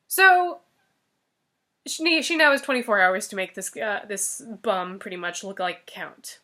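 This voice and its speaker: A woman's voice: mid-range voice, very animated, measured pace, pushed and bright. A woman casually retelling a fairy tale, joking and chatty with plenty of filler words. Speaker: storyteller.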